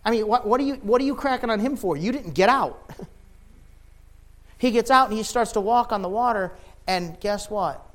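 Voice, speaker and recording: A man preaching a sermon with passion, rising to loud shouts and dropping to quiet, low lines. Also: normal speed. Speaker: pastor.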